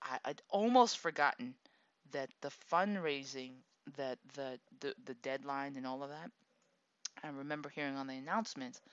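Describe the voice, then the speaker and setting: A woman in her thirties telling a personal story in a casual, animated way, laughing often and acting out the people she quotes. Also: rumbling low, normal speed, clean tone, dry recording. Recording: dull lo-fi dry recording.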